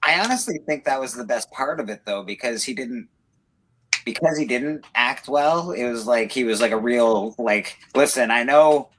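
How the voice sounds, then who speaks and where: A man's voice: medium pitch, expressive, moderate pace, a bit bright, slight background noise, rough recording. A man chatting on a livestream panel, talking emphatically and laughing between remarks. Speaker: panel co-host. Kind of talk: casual livestream chat.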